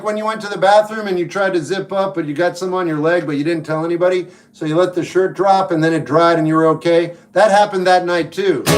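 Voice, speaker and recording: A man from New Jersey hosting a livestream, reading viewer comments and giving blunt, wry advice. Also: high voice. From New York / New Jersey. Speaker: livestream host and musician. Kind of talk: casual livestream chat answering viewers.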